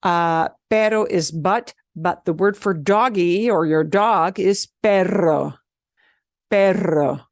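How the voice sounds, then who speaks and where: A woman from the American Southwest gives a beginner Spanish lesson, patiently repeating words and drilling the trilled R. Her voice sits on the low side and moves slowly with hardly any pauses. The studio sound is clean, with no room sound.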